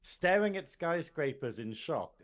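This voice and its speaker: Animated Northern English man, lively pitch. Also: measured pace. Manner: animated, laughs often, jokey. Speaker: podcast co-host. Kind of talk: casual review chat.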